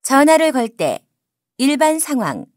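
A woman announcing lesson section titles in a brisk, scripted style, recorded in a studio. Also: high voice, very animated. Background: loud music.

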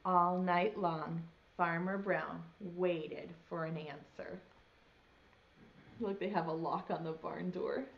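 A young woman preschool teacher reading a picture book aloud, gently stopping to ask the children questions. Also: lowish voice, steady tone, slow pace, vocal fry, dull audio, a little hiss or hum. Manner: gentle, asks children questions as she reads. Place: home video lesson.

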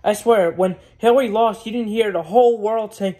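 A man's voice: sits high, moderate pace, mellow. Blunt, rambling man ranting to camera. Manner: rambling, repetitive, swears freely; blunt and opinionated. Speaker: vlogger. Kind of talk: casual rant to camera.

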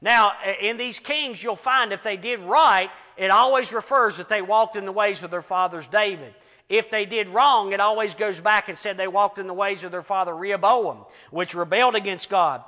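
Middle-aged man, pastor, very high voice, bright and forceful tone, fervent repetitive preaching in a reverberant church hall. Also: moderate pace. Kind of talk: Bible class preaching.

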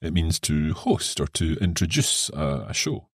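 A man co-hosting an English lesson podcast who reads short text passages aloud and explains them in a clear, encouraging way. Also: very deep voice, sing-song, a little slow, no echo, clean studio sound.

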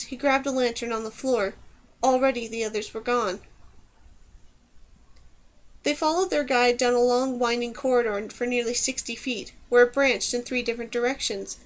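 A woman reads a fantasy novel aloud in a steady storytelling manner. Her voice sits a little high for a woman. She gives the dialogue light voices as she reads. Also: moderate pace, poor audio. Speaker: audiobook narrator. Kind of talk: scripted narration.

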